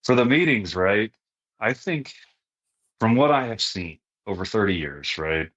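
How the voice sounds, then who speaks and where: A retired army sergeant major, now a middle-aged podcast guest, chats in a casual interview with a low, unhurried voice. His manner is relaxed and plain-spoken, like someone explaining how things work. Many of his points end with "right?".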